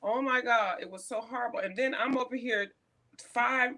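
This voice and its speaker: A woman's voice: fairly high pitch, moderate pace, pushed and bright. A woman co-hosting a casual chat, telling blunt, profane stories about her school days. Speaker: co-host.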